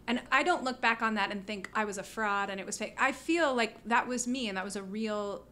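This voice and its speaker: A woman guest on an interview podcast, telling stories in a casual, animated way, full of fillers and laughs. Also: a little high, brisk. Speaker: guest musician.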